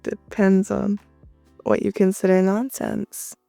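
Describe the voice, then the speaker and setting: A woman voicing a relaxed, dry-humored young adult newcomer. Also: medium pitch, slow, vocal fry, dry recording, soft background music. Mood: wry. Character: easygoing, wry young adult newcomer at a hotel.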